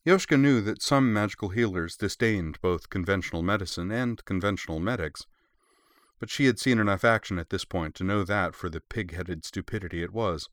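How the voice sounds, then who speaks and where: Male storyteller with a very low voice, measured and steady, dry close sound. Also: dry recording. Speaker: audiobook narrator. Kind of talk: scripted narration.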